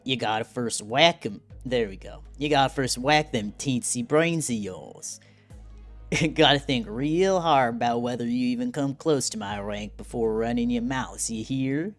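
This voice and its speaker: A man doing a boastful, rude, hulking gangster from a game, with a raised voice and a hammy Southern drawl. The delivery is loud and swaggering. Faint music plays behind. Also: medium pitch, measured pace, lightly acted. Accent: put-on Southern US drawl. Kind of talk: reading game dialogue aloud in voices.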